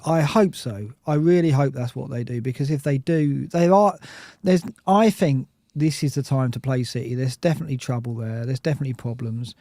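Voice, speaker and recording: Here the co-host's mid-range voice is warm and brisk, with few pauses and no room sound. He chats casually about football, laughing readily and starting sentences over.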